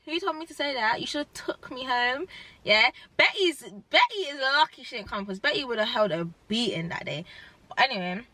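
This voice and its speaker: A young woman, telling a storytime in a rambling, animated way and saying "like" often. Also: fairly high pitch, a little fast, no echo. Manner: animated, rambling, heavy use of "like". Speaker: vlogger. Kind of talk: casual storytime chat.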